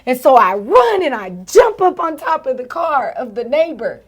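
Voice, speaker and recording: A woman in her thirties, a podcast co-host telling a story in casual chat and acting out its shouts and gasps. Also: high voice, big pitch swings, normal speed, breathy edge.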